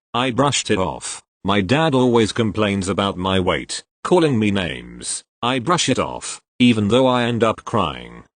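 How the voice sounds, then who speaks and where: A man's voice: on the low side, fairly bright tone, dry recording. A man reading posts aloud one after another, going straight through each story. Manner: reads each post straight through, closing with "thank you, next". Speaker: reader of online posts.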